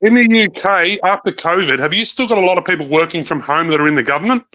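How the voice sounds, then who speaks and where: A man's voice: fairly high pitch, crowd noise. A man in a casual live chat, telling stories animatedly with a lot of swearing. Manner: rapid storyteller, swears, animated.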